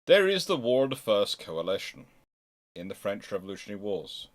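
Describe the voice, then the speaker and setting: Wry, lively man chatting history. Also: lowish voice, brisk. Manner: chatty, wry asides, reads chat aloud. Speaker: history livestream host. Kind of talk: casual livestream history talk.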